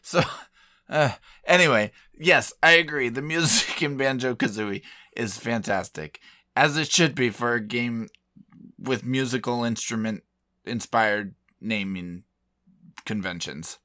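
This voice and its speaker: A man's voice: medium pitch, slow pace, pushed and bright, no echo, studio quality. A man co-hosting a video game podcast, chatting casually in an easygoing, joking way. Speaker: podcast co-host. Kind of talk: casual chat.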